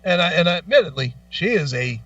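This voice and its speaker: A man co-hosting a radio talk show, telling stories with lots of profanity in a lively, animated way. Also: fairly high pitch, fairly quick, far from the mic, dull audio, faint music behind. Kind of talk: casual chat. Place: radio studio.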